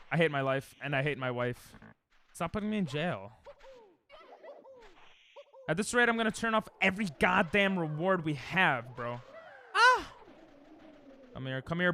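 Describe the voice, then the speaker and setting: A man's voice: a little high, bright, forceful tone, a little hiss or hum. Sarcastic young male game streamer. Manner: sarcastic, crude joking banter with chat; frustrated outbursts at the game. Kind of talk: live game stream commentary.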